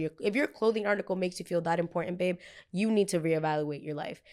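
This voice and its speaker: A podcast host, a woman in her twenties with a medium-pitched voice, tells a heated story casually and with plenty of profanity. She acts out the people she quotes as she goes.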